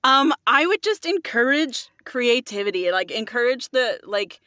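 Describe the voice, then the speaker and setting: A woman's voice: fairly high pitch, lively intonation, unhurried, sharp tone, no echo, studio quality. A woman who is a voiceover artist, talking earnestly in casual conversation with frequent filler words. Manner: earnest, lots of filler likes.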